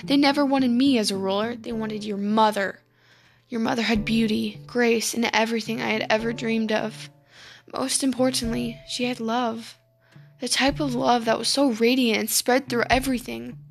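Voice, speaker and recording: Evil queen read by a woman, cold, slow, gloating, soft music behind. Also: on the high side, fairly even intonation, vocal fry.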